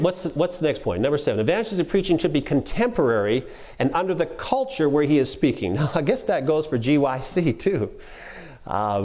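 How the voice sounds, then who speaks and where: A middle-aged man giving a conversational workshop lecture on preaching, animated and acting out quoted speech. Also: medium pitch. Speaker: preaching instructor.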